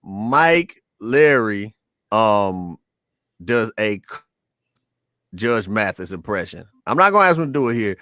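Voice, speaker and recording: A man hosting a podcast, introducing his guest in a relaxed, conversational way. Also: lowish voice, slow, long pauses, no room sound. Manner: relaxed, conversational, laughs easily. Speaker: podcast host. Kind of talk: casual podcast interview.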